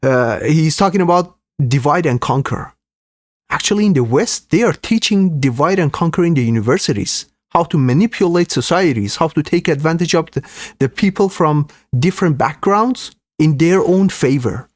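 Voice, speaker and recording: A man's voice: fairly high pitch, lively intonation, moderate pace, no echo, studio quality. A man hosting a live reaction stream, commenting earnestly and indignantly to his viewers.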